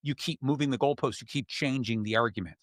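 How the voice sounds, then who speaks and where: Male podcast host, mid-pitched, talks through acted examples in a dry close sound. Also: fast, no echo. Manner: explains with acted-out examples, many fillers. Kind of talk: casual chat.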